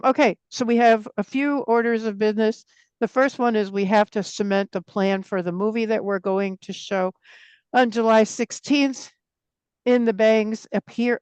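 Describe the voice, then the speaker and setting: A woman takes roll call in a remote public meeting over a video call, talking briskly and chattily. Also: on the high side, fairly even intonation, a little mellow, clean tone, dry recording. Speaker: commission member taking roll call.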